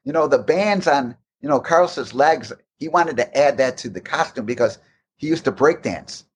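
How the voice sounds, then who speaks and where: A husky, medium-pitched man speaking at a moderate pace recalls game development in a casual interview. His anecdotes are animated and rambling, full of restarts.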